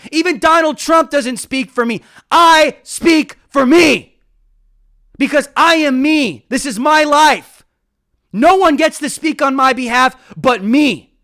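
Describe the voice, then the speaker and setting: Young male commentator, high pitch, bright tense tone, passionate and emphatic delivery. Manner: fiery, emphatic ranting. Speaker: political commentator, show host. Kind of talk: live political commentary monologue.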